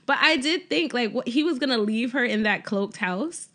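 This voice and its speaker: A woman co-hosting a casual TV recap podcast, animated and quick to laugh, often acting out what the characters said. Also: a little high. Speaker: podcast co-host.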